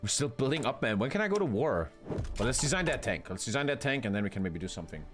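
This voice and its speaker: A man's voice: medium pitch, very animated, quick pace, over music. A man with a German accent, streaming a strategy game with casual, profane, rambling commentary. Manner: profane, rambling, bro-talk. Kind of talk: casual live gaming commentary.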